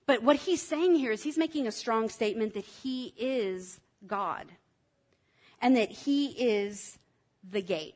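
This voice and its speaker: A woman's slightly high voice carries lively intonation as she preaches a little slowly. Enthusiastic and teacherly, she has the congregation repeat words after her.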